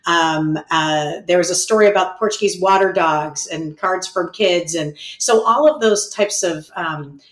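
Low-voiced woman host in a roomy space. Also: measured pace, hardly any pauses, fairly bright tone. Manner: searching for words, many fillers and restarts. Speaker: podcast host. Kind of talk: interview questions.

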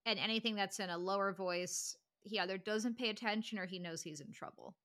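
A woman co-hosting a podcast in casual chat, animated and full of filler words. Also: mid-range voice, a little fast. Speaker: podcast co-host.

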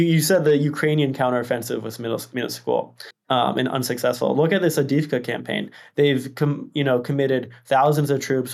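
A man with a strongly gravelly, fry-laden voice pushes back with skepticism. He often restarts his sentences as he works through his points in a casual podcast discussion. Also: mid-range voice, darkish tone. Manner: hesitant restarts, skeptical pushback. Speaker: podcast host. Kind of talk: casual policy debate.

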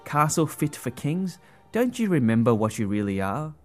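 A man gives voice to a mocking gum tree, taunting in a very animated tone at normal speed, with soft background music. His medium-pitched voice is a little mellow, pitched above his own natural voice yet close to an everyday one.

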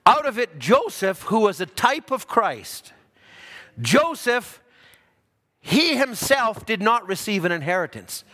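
A man preaching a sermon, dropping low for asides and rising loud for emphasis. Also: sing-song, takes it slowly. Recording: hall reverb.

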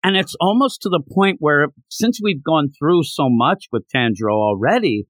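A man co-hosting a podcast, chatting casually about a manga chapter and acting out characters' lines in quick voices. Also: a little high, animated, no room sound. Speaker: podcast co-host.

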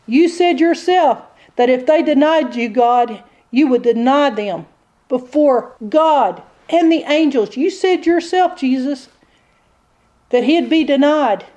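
A woman's voice: sits high, expressive, takes it slowly, mellow, lo-fi sound, pitched above the performer's own voice. A woman voicing an insistent male devil who accuses a man before God like a prosecutor in a sermon. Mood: accusing.

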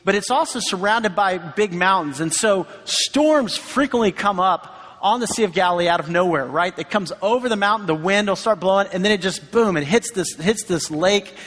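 High-pitched guy preaching a sermon in a big hall, chatty, acts out the voices. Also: moderate pace, hardly any pauses, a bit bright. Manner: conversational, acts out quoted voices. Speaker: pastor. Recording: long hall reverb.

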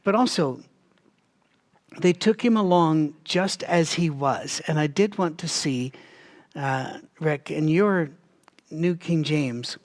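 Man with a slightly high voice for a relaxed, lively Bible-study teaching read, addressing the audience directly. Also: slow. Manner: animated, talks to listeners directly, frequent restarts.

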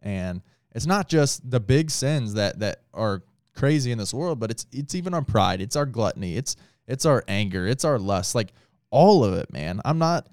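A man's voice: mid-range voice, a little mellow, no echo, studio quality. A man who is a pastor, talking casually and earnestly with lots of filler words. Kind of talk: casual podcast talk.

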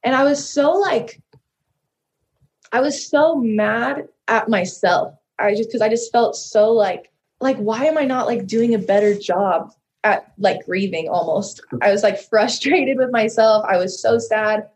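A woman's voice: on the high side, unhurried, darkish tone. Young woman guest with a slightly raised voice, candidly recounting a personal story in a loose, rambling way. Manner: earnest, rambling, heavy use of "like" and "so". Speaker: podcast guest.

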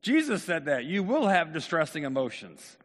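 A man's voice: fairly high pitch, very animated, normal speed. A man preaching a sermon, speaking in a conversational way and talking directly to his congregation. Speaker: pastor. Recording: long hall reverb.

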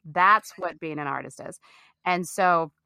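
Actor guest, middle-aged woman from the Midwest, slightly low, bright and forceful, emphatic and candid, close dry sound. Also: a little slow, creaky, clear, resonant tone, no echo. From American Midwest. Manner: animated, emphatic, swears freely. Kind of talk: candid storytelling in an interview.

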